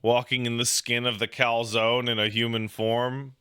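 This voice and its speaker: A man's voice: mid-range voice, level tone, normal speed, sharp tone, clear, resonant tone, no room sound, clean studio sound. A young man chatting casually as a streamer, joking, rambling and swearing while he reacts to videos.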